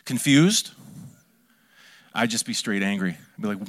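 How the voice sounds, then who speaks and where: A man preaching a sermon as pastor, lively and joking, with asides to his congregation. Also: fairly low pitch, unhurried.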